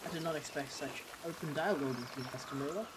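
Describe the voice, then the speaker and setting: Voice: mid-range voice, fast talker, natural voice. A streamer reading as a bold young heretic scholar. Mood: earnest. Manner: reading game dialogue aloud in a plain voice. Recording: rain noise in background.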